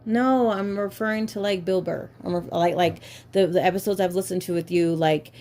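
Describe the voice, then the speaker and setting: Low gravelly woman podcast host. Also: steady tone, moderate pace, dark tone, slight background noise. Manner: candid, profane, filler-heavy. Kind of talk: casual chat.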